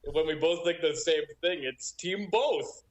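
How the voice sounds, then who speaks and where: A man's voice: a little high, a little slow. A man guesting on a casual car podcast, playful and goofy. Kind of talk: casual chat.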